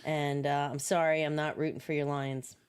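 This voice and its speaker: A woman's voice: low-pitched, level tone, normal speed, smooth, no room sound. A woman co-hosting a podcast in casual chat, laughing often and trading teasing banter. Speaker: podcast co-host.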